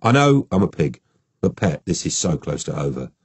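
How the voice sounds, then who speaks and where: A man reading an audiobook plays a cheerful police detective, husband and father with a Geordie accent, who talks in a brisk, breezy way. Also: very deep voice, sing-song, husky, no echo, full character voice.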